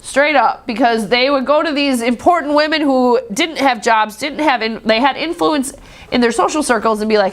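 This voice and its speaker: A woman's voice: high-pitched, lively intonation, normal speed. A woman teaching a history class in a classroom, chatty and joking, acting out quoted voices. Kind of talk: casual classroom lecture.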